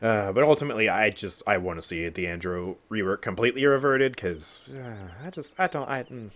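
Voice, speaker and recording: A man's voice: on the low side, expressive, fairly quick, a bit bright. A young man giving casual gameplay commentary on a game update, sarcastic and exasperated, often sighing and laughing. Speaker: gaming YouTuber.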